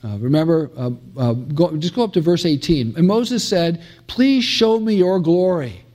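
A man's voice: on the high side, lively intonation, moderate pace, a little mellow. A middle-aged man from the United States giving a classroom theology lecture, emphatic, with many fillers and restarts and dramatic quoting.

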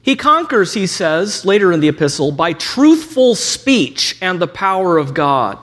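A man's voice: sits high, very animated, unhurried, fairly bright tone. A man teaching a lecture on scripture, reading quotations aloud and adding ironic asides. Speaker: Bible teacher.

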